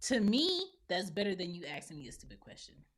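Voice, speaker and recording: A woman's voice: on the low side, huge pitch swings, fairly quick. Blunt woman podcaster airing opinions. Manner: blunt and opinionated, acting out other people's lines. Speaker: podcast host and mother. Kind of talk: solo opinion monologue.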